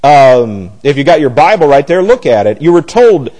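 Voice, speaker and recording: A man leads a Bible class lecture with a blunt, emphatic delivery. His voice sits a little high for a man, and he often stops and restarts his sentences as he presses his points. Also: big pitch swings, normal speed, a little mellow, poor audio. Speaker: Bible teacher.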